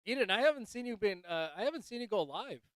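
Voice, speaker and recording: A man's voice: sits high, expressive, fast, fairly bright tone, clear, resonant tone, no echo. A man hosting a casual livestream chat, joking loosely and swearing, calling everyone dude and bro. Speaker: livestream host. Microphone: desk microphone.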